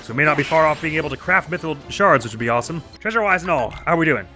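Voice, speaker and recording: A man's voice: a little high, lively intonation, racing, bright, forceful tone, faint music behind. A man hosting a let's play, chatting playfully over the game and making goofy sound effects. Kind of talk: gameplay commentary.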